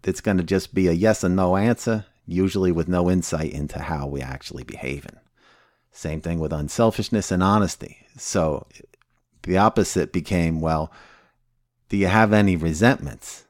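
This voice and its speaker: Brief: a man playing a blunt, cussing recovery sponsor, very low voice, dry close sound, sardonic teaching. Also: normal speed, no echo, natural voice. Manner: blunt, swears constantly, sardonic. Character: blunt, foul-mouthed woman sober AA sponsor. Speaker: recovery step instructor. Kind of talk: casual profane teaching.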